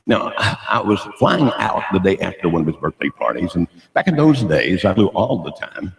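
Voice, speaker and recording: A man's voice: low-pitched, very animated, normal speed, gravelly. Older man telling jokey sermon stories. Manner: jokey, asks the audience questions. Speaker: guest speaker at a church. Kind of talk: humorous sermon storytelling. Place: church auditorium. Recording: roomy church hall.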